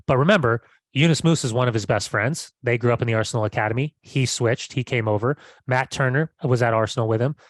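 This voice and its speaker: A man's voice: medium pitch, quick pace, hardly any pauses, dry recording. A man co-hosting a casual football podcast, emphatic and argumentative. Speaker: podcast co-host.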